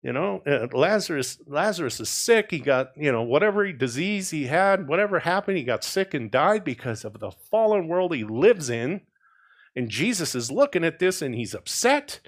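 A man preaching an expository sermon in a conversational way, often checking in with "right?" and moving between soft, low passages and emphatic ones. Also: big pitch swings, moderate pace. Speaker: pastor.

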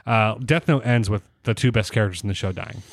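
A man's voice: fairly low pitch, a little fast, no room sound, studio quality. A man co-hosting an anime podcast, talking casually and rambling with lots of fillers and restarts. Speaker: podcast co-host. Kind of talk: casual anime review chat.

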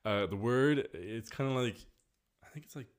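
An Irish man chatting casually as a podcast guest in a bedroom, playful and quick to laugh. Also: medium pitch. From Ireland. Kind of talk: casual chat.

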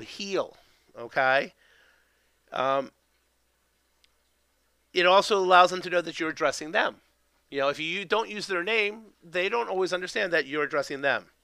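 A man's voice: fairly high pitch, bright, forceful tone, clear, resonant tone, dry recording. A man giving a loose, conversational lesson on training a puppy, tagging nearly every point with "okay?" and trailing fillers and restarts. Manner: keeps tagging sentences with "okay?". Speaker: dog training instructor. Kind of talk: instructional talk.

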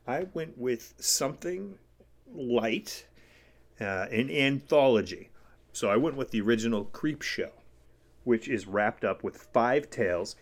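A man co-hosting a podcast, chatting casually and jokily about movies. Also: mid-range voice. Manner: animated, jokey, quotes lines in put-on voices. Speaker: podcast co-host.

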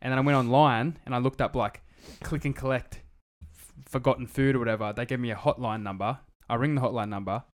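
Australian man, mid-pitched voice, casual podcast chat, sweary, animated storytelling. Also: quick pace, hardly any pauses. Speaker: podcast co-host.

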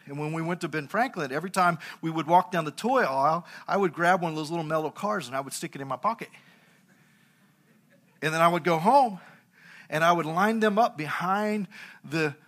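A middle-aged pastor delivers a sermon with a forceful, bright tone and a fairly high pitch for a man. He preaches through funny, personal anecdotes. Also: brisk. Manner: anecdotal, humorous storytelling.

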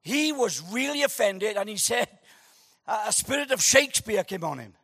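Male pastor, high bright voice, joking sermon delivery with shouted emphasis. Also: very animated, moderate pace, slightly rough, no room sound, clean studio sound.

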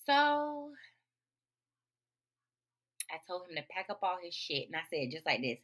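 A woman with speech patterns rants bluntly through a personal story, her voice bright and forceful. She swears freely and swings from low grumbles to loud outbursts. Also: very animated, moderate pace. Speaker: podcast host. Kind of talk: unfiltered storytime rant.

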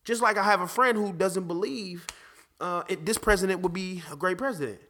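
A man hosting a podcast, talking casually about faith and fatherhood, animated, with many restarts. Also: sits high, fairly quick. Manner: animated, restarts often, acts out conversations. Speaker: podcast host.

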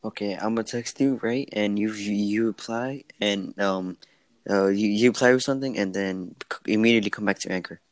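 A man, deep-voiced crude teasing co-host. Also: steady tone, fairly quick, dry recording. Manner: crude, teasing, stumbling over words. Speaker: podcast co-host. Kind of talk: casual chat.

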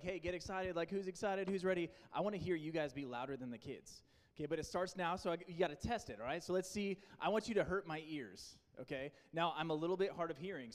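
A young man leading a group training with a playful, teasing pep talk. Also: on the high side. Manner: playful teasing, loud and coaxing. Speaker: camp leader training teen volunteers. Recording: long reverb in a large hall.

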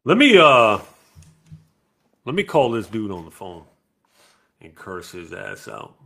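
A man's voice: low voice, expressive, a little slow, vocal fry. A middle-aged man hosting a live podcast, talking in a blunt, profane, casual way. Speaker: podcast host. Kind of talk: casual live-stream chat.

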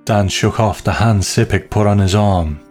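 A man narrating a story in a slow, measured, hushed way. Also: lowish voice, faint music behind.

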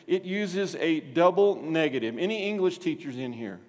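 Male pastor, sermon, fairly high voice, long hall reverb. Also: normal speed. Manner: animated, asks the congregation questions.

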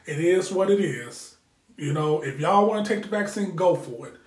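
A candid, foul-mouthed man recounts a personal story in a loose, rambling way, repeating words as he goes. His voice sits somewhat high for a man. The room gives it a noticeable echo. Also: expressive, normal speed. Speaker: podcast host. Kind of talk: casual storytelling. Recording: roomy echo.

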